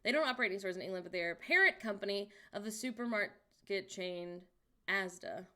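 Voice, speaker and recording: A woman streaming, chatting casually and reacting wryly out loud to what she finds while browsing online. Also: medium pitch, fairly quick.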